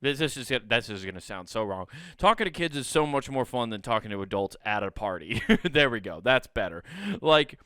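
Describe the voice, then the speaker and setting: A man's voice: lowish voice, expressive, brisk, sharp tone, smooth, no echo, studio quality. A man in his thirties from the US Midwest, hosting a podcast and telling a comedic story, self-mocking and swearing freely. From Sioux City, US Midwest.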